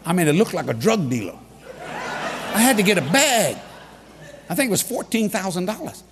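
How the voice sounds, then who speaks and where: A man preaching a sermon, telling stories with humor and bursts of shouting. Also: sits high, moderate pace, big-room sound, background noise. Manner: animated storytelling with humor and sudden shouts.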